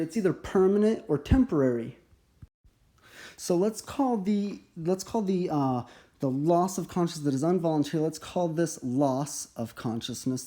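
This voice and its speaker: Mellow-voiced man teaching a medical overview. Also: fairly high pitch. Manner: measured, explanatory, occasional restarts. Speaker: medical educator.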